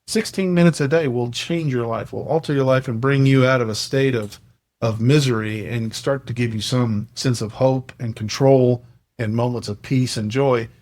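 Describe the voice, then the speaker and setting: Middle-aged guy on a podcast, earnest and animated, telling a story with all the back and forth. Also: mid-range voice, normal speed. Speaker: podcast host sharing a coaching program. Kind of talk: casual podcast chat, storytelling.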